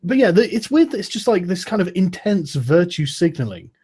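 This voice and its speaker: A man's voice: sits high, sing-song, brisk, darkish tone, breathy edge. A man in casual, profane podcast chat, laughing often and mocking with sarcastic put-on quotes.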